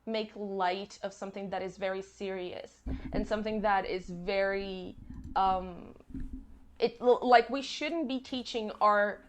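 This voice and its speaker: Woman, book reviewer, earnest, reflective, mid-range voice. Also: mid-range voice.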